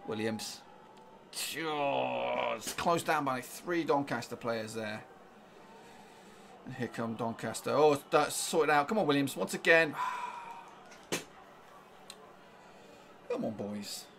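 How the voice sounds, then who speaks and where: A man giving live reaction commentary on a football match, urging his team on and getting excitable. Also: medium pitch, slow pace, gravelly, long pauses, a little hiss or hum. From England. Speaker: fan reaction streamer.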